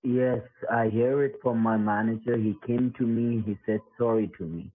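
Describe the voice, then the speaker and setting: A man on a scam call speaking calmly and quietly, placating the caller. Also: medium pitch, normal speed. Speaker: scam caller posing as employee. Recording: tinny phone line.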